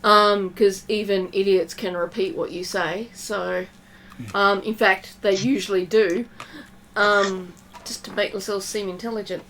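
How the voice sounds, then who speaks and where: Bright-voiced chatty woman player. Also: mid-range voice, unhurried, a little hiss or hum, low-quality recording. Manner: chatty, excitable. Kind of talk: casual tabletop play.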